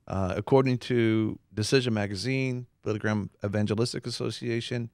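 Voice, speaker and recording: A man's voice: fairly low pitch, no room sound, clean studio sound. Emphatic man hosting a Christian talk show. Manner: emphatic, preacher-like, repeats for stress.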